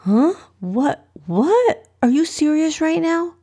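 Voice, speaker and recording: A woman voicing a frantic young boy who panics easily, with high-strung outbursts in a raised, breathy voice. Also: unhurried, a little mellow. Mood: alarmed.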